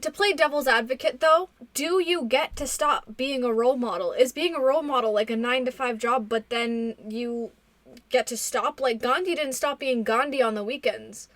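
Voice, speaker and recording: A woman's voice: on the high side, normal speed, a bit bright, no room sound. A young woman hosting a casual podcast, chatty and rambling, a little self-conscious. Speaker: podcast host.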